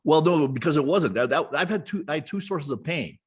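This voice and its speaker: A man's voice: fairly high pitch, animated, fairly quick, breathy edge. A middle-aged man telling a long personal story in casual conversation, rambling with many restarts and fillers. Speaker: podcast host, guest being interviewed.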